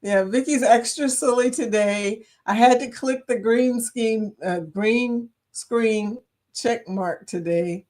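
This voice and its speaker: A woman's voice: a little high, slow pace, darkish tone. Chatty Southern woman hosting a livestream. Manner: chatty, laughs often, greets chat viewers by name. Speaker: livestream host. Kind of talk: casual livestream chat.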